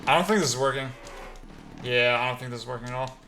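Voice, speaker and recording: A man's voice: mid-range voice, fast talker. Rambling male streamer in a roomy room. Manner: rambling, filler-heavy, excited outbursts during play. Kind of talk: casual chat while gaming. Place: new apartment. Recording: roomy, noisy.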